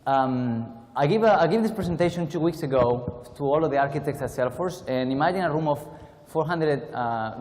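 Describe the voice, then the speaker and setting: A man's voice: medium pitch, darkish tone, long reverb tail. A man from Spain with a Spanish accent, giving a chatty, self-deprecating keynote talk at a conference with many restarts. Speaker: conference speaker. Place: conference hall.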